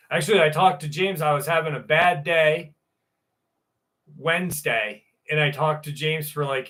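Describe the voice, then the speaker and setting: A man in his forties chats unhurriedly through a casual livestream, answering viewers one by one. His voice sits a little high, and he rambles with blunt, crude candor. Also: bright, forceful tone. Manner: rambling, candid, crude humor. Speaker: livestream host.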